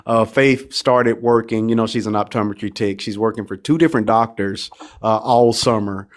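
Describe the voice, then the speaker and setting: A man's voice: lowish voice, fairly even intonation, normal speed. A man hosting a live online talk show, speaking in a casual, heartfelt way and often repeating words as he gets emotional. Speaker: podcast host. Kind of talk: casual live-stream chat.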